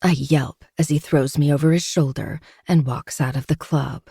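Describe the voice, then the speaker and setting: A woman's voice: sits low, steady tone, moderate pace, warm tone, slightly rough, no room sound, clean studio sound. A woman narrating a first-person novel with dramatic storytelling.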